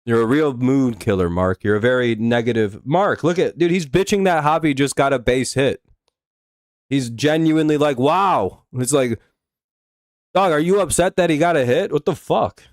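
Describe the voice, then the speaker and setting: Clean studio audio with no room sound captures a young man streaming a live baseball watch-along. His voice is medium in pitch and moderately paced as he chats casually, then launches into profane, exasperated rants at chatters who are being negative.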